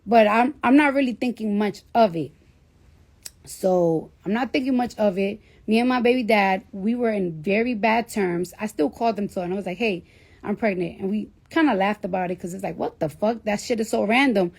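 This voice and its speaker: A woman's voice: mid-range voice, moderate pace, a little mellow. A woman in her thirties telling a personal story casually, with blunt, profane talk and lots of fillers. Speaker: celebrity on a livestream.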